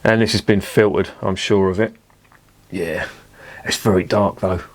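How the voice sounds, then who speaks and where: A man with a somewhat low voice talks through a beer review in an easy, chatty way. He is blunt and swears casually. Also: steady tone, a little slow.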